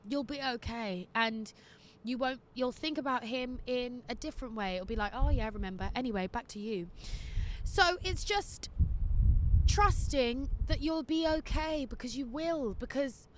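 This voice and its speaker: A woman hosting an advice podcast in casual chat, candid and quick to laugh. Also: sits high, fairly bright tone. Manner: chatty and candid, laughs easily. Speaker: podcast host giving listener advice.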